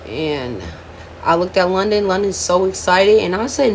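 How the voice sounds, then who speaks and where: A young woman in her twenties speaks straight to her viewers in a storytime vlog, candid and emotional as she goes. Her voice sits at an ordinary middle pitch. A faint hum of room ambience runs under her talk. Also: lively intonation, moderate pace. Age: 20s. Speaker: vlogger telling her life story.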